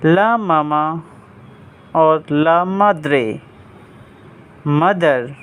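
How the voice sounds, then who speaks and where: A young man teaching Spanish family words, repeating each term carefully and clearly. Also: a little high, extremely slow, fairly bright tone. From India. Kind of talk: vocabulary lesson, word by word.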